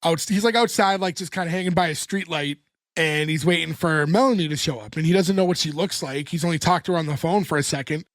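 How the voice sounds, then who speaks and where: A man in his thirties co-hosting a podcast, recapping a sitcom episode in casual chat, animated and laughing, often swearing. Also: a little high, fast talker, dry recording. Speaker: podcast co-host.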